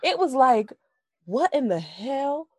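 Woman co-host, casual review chat, lively up-and-down delivery, blunt and profane, dry close sound. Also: high-pitched, takes it slowly, no echo. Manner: blunt, profane, laughs often, animated. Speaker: podcast co-host reviewing a film.

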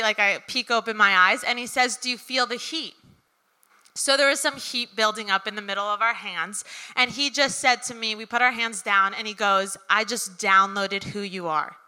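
A woman's voice: on the high side, sharp tone, clean tone. A young woman telling a personal story at a live event, chatty and full of ums and likes. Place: event venue with audience. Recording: reverberant hall.

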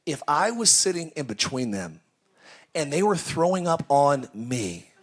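High-voiced preacher, storytelling with shouts. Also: male voice, big pitch swings, a little slow, breathy edge. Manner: storytelling, bursts into shouted exclamations. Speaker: pastor. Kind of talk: sermon. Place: church service.

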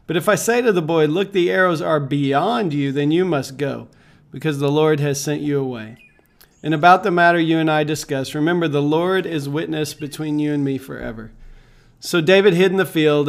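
A man leading a devotional Bible reading, calm and measured, pausing with fillers as he reflects. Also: on the high side, gravelly.

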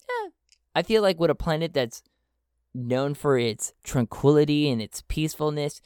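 A man's voice: medium pitch, clear, resonant tone, dry recording, studio quality. A man narrating a solo tabletop role-playing game, thinking aloud as he checks his rolls and charts. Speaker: solo game master and player.

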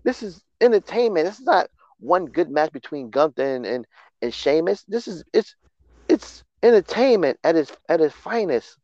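A man hosting a casual wrestling recap podcast, excitable and full of restarts. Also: fairly high pitch, moderate pace, no room sound, dull audio. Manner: excitable, repetitive, stumbling restarts. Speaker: podcast host.

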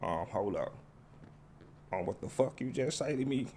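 A man's voice: medium pitch, expressive, moderate pace, a little mellow, slight background noise, natural voice. A man voicing a hot-tempered, menacing tough guy who swears and threatens in a comedy skit. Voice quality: gravelly, profane. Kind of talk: comedy skit with character voices.

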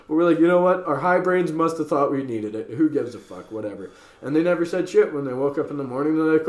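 A young western Canadian man co-hosting a podcast tells a rowdy story in an echoey room, casual, swearing freely and laughing along. His voice is fairly high and a little mellow, with lively intonation and a quick pace.

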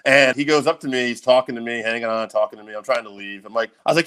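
A man's voice: mid-range voice, very fast, few pauses, fairly bright tone. A man in his forties, co-hosting a podcast and telling stories in an easygoing, chuckling way. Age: 40s. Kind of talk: casual podcast chat.

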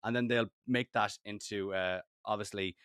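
Animated man telling stories. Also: lowish voice, normal speed, clean tone, no echo, studio quality. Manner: animated storyteller, jokey. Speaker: radio presenter guest. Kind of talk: casual podcast chat.

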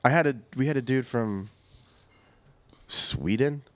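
A man's voice: mid-range voice, a little slow, no room sound. A young man, a band frontman guesting on a podcast, chatting casually and rambling with lots of fillers. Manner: laid-back, rambling with many fillers. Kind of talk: casual chat.

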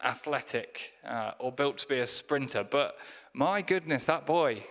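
A man's voice: mid-range voice, expressive, a little slow, a bit bright. A man preaching a sermon, in a conversational, humorous storytelling manner. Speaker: pastor. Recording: echoey church hall reverb.

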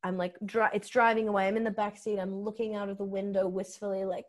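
A woman's voice: mid-range voice, normal speed. A young Australian woman, a comedian, telling a candid comic story on a podcast and acting out the quotes. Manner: animated, swings into acted-out quotes.

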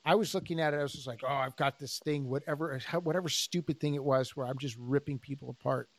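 A man co-hosting a podcast as a jiu-jitsu instructor, telling stories in a casual, animated way and acting out the people he quotes. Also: mid-range voice, fast, dry recording. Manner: animated storyteller, acts out quoted dialogue.

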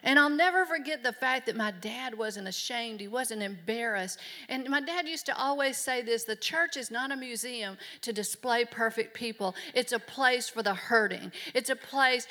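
A woman's voice: a little high, normal speed, few pauses, bright, forceful tone. A middle-aged woman preaching a sermon in an emphatic, earnest way. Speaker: pastor.

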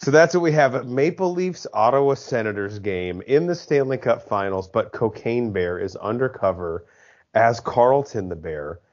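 A man's voice: mid-range voice, animated, normal speed, a little mellow, dull audio. A man co-hosting a casual movie commentary podcast, riffing on jokes with frequent laughter and swearing. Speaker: podcast co-host.

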